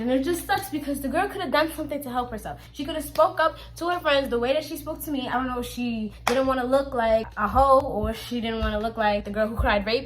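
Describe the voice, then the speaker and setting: A young woman vlogger telling a storytime to her viewers in a blunt, profane, emphatic way, speaking right to them. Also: high voice. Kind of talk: casual storytelling to camera.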